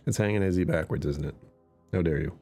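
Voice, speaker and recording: A man's voice: low voice, quick pace, warm tone, soft background music. A man streamer chatting casually with his live chat, answering comments and laughing often.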